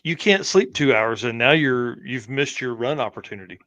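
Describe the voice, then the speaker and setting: A man's voice: medium pitch, moderate pace, a bit bright, no room sound. A man co-hosting a casual podcast, mostly chiming in with short agreeing remarks. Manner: brief agreeing interjections. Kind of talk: casual chat.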